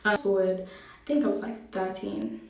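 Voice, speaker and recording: Give me a young woman speaking haltingly and with emotion, recorded from a distance in a very echoey room. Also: medium pitch, fairly even intonation, a little mellow. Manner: halting, heavy use of "like", emotional. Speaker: vlogger. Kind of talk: personal storytime vlog.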